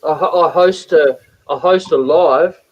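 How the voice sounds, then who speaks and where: A joking man hosts a live stream in casual chat, ribbing his viewers and laughing as he goes. His voice sits a little high for a man. The audio comes through dull and lo-fi. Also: a little slow. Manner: joking, teasing, laughs often.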